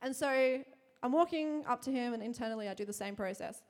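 A woman's voice: fairly high pitch, a little fast. A young woman telling casual faith stories, chatty, laughing often and full of fillers. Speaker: Christian speaker sharing testimony. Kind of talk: casual storytelling.

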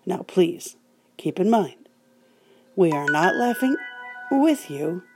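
Older woman podcast host, slow and wry, casual storytelling. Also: on the low side, big pitch swings, over music. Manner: wry, dry humor.

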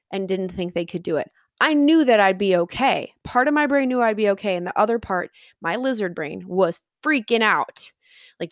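A woman's voice: medium pitch, no echo. An earnest woman tells a personal story in a casual, reflective way, laughing lightly here and there. Her voice sits in an ordinary middle range for a woman. The sound is dry and close, with no room around it. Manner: earnest, reflective, self-encouraging, laughs often. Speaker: storyteller recounting a hike.

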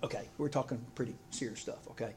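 A man's voice: medium pitch, quick pace, a little mellow, husky. Man preaching, chatty and repetitive. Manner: conversational, repeats himself, checks in with "okay?" and "all right?". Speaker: preacher and teacher. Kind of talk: casual sermon.

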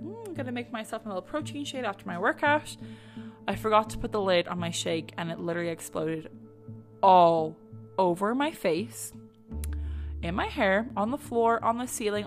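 A young woman telling stories about her week in a casual, animated way, swearing freely and saying "like" a lot. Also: lowish voice, vocal fry. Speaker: vlogger. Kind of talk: casual storytelling.

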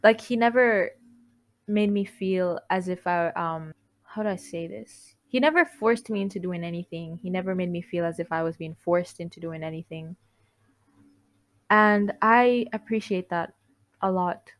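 A woman's voice: on the low side, moderate pace. A young woman hosting a podcast, talking in a candid, heartfelt monologue that rambles, restarts itself and breaks into giggles. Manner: rambling, self-interrupting, giggly. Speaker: podcast host. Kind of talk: casual confessional monologue.

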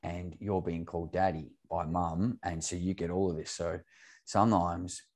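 Man, very low voice, candid podcast guest. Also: steady tone, moderate pace, a little mellow. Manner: earnest, open, swears casually.

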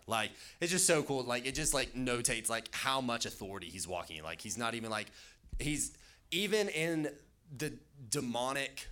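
A man preaching a casual sermon, talking in an animated way with lots of fillers. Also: mid-range voice. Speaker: youth pastor. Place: church hall with an audience.

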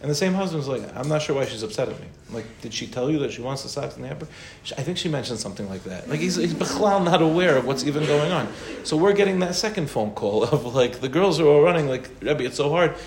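A man's voice: on the high side, lively intonation, quick pace, hardly any pauses. A man, a rabbi, giving an informal Torah class in a conversational way, mixing in Hebrew and Yiddish terms. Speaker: rabbi answering questions. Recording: roomy echo with faint noise.

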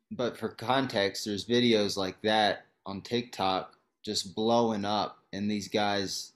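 A young man co-hosting a casual podcast chat, rambling with lots of fillers and laughing as he talks. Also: on the low side. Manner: rambling, laughs while talking, frequent fillers. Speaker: podcast co-host.

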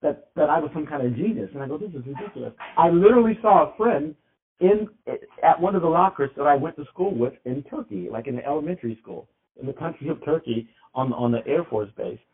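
In loose, rambling podcast chat full of restarts, a male co-host talks fairly quickly in an animated, slightly high voice. The audio sounds tinny, like a phone.

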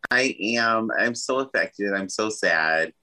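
A man's voice: lowish voice, lively intonation, slow pace, sharp tone, low-quality recording. A man as co-host in a casual gossip chat, joking in a goofy, playful way. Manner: jokey, goofy humor. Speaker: podcast co-host.

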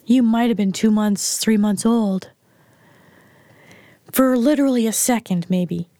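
A middle-aged woman, the host's mother, appears as an interview guest and tells a candid personal story in a frank, blunt, plain-spoken way. Her voice is a little high, a little slow and dark in tone. The recording is dry and studio quality.

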